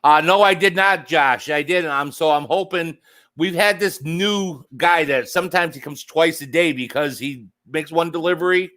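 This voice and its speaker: A man with a slightly raised pitch hosts a relaxed livestream. He rambles from one thought to the next, cracking jokes and answering viewer comments in a loose, casual chat. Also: normal speed. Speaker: livestream host.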